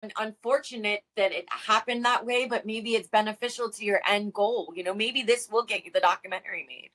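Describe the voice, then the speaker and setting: Woman guest, mid-pitched, earnest and open, casual talk. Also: steady tone, a little fast, a bit bright. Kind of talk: casual conversation.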